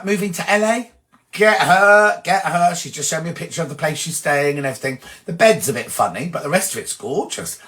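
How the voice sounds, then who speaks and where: A chatty man, his voice slightly higher than most men's, hosts a relaxed live stream, reading viewer comments aloud and rambling off into gossip and anecdotes. He keeps sneezing from hay fever.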